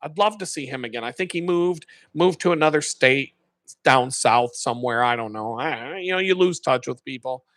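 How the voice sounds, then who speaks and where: Bright-voiced man telling stories. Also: medium pitch, moderate pace, no echo. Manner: profane, animated, laughs often. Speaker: live streamer. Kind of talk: casual storytelling.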